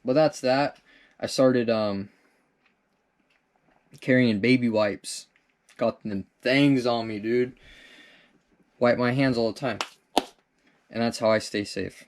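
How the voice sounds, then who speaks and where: A man's voice: mid-range voice, slow pace, pauses often. Young dude vlogging, rambly and chill, answers questions like he's shooting the breeze, swears casually. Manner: rambling, laid-back, says "dude" a lot, swears casually. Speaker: vlog host answering viewer questions. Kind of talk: casual comedic monologue.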